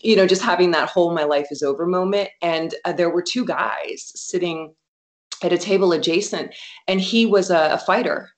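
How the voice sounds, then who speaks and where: Woman guest, low voice, talks openly and acts out quotes in a chatty interview. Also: moderate pace. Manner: candid, animated storytelling with quoted asides. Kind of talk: casual interview talk.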